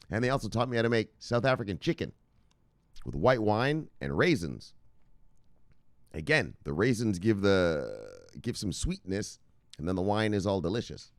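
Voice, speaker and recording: A man's voice: fairly low pitch, wildly swooping pitch, normal speed, dry recording. A male host giving casual, loose crypto news commentary from his computer, chatty and profane, laughing often.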